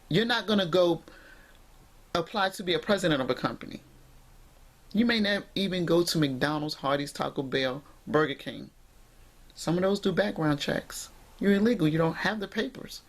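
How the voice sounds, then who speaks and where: A woman's voice: on the low side, lively intonation, moderate pace. Emphatic woman vlogger lecturing viewers. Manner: emphatic, preachy, addresses viewers directly. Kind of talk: direct-to-camera commentary.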